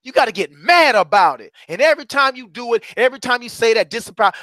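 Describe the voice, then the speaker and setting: Fiery preaching man with a bright, high voice. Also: animated, a little fast, dry recording. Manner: fiery, preacherly, swings from loud to hushed. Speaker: motivational courage coach. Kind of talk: preaching motivational talk.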